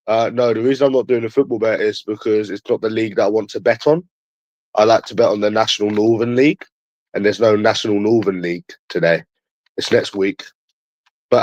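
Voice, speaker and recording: A man's voice: fairly low pitch, fairly even intonation, brisk, a little mellow, dry recording, highs cut off. A young man from London chatting on a livestream, crude, taunting and repeating himself as he answers viewers. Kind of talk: casual chat answering viewers.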